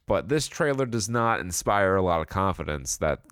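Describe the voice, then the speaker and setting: A man with a low voice chats loosely on a podcast, wandering through tangents with a sarcastic edge. His pitch rises and falls a lot as he talks. The sound is close and dry. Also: big pitch swings, normal speed, a bit bright, smooth, no echo. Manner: rambling, sarcastic, swears a lot. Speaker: podcast co-host. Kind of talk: casual chat.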